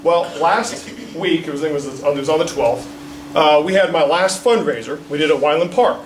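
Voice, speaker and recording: A man, a political candidate, gives an indignant, animated speech at a press conference and keeps checking in with the crowd. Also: a little high, normal speed, over music. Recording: roomy, distant mic, faint background noise.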